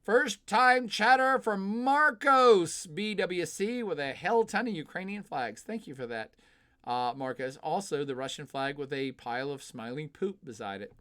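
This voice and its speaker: A man hosts a live stream, reading viewer questions aloud and answering them in a blunt, opinionated, off-the-cuff way. His voice sits a little high and comes through smooth and clear. He fills his pauses with frequent filler sounds and swears freely. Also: lively intonation, pushed and bright. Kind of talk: casual live-stream commentary.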